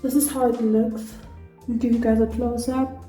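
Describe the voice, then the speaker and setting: A South African woman doing a put-on Nigerian accent, chatting excitedly and laughing at herself through a makeup tutorial. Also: a little high, moderate pace. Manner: chatty, excitable, self-deprecating. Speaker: beauty vlogger. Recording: echoey room with faint music.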